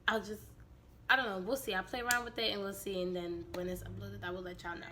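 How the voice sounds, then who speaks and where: A woman vlogger with a raspy, hoarse voice from allergies, chatting casually and animatedly with her viewers. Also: mid-range voice, background noise. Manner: chatty and animated, quick asides.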